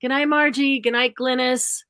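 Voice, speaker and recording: A woman's voice: high voice, normal speed, no room sound. A woman hosts a casual live stream, her talk meandering and easy. The sound is dry and close, with no room around it. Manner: relaxed, rambling, warm sign-offs. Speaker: host of a live craft stream.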